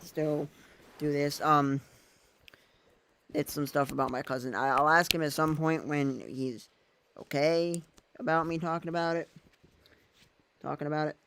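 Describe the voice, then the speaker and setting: A man's voice: on the high side, fairly even intonation, measured pace, long pauses, fairly bright tone, slight background noise. A man vlogging in a casual, rambling way, thinking aloud as he goes. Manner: thinks aloud while using his phone and laptop, meandering.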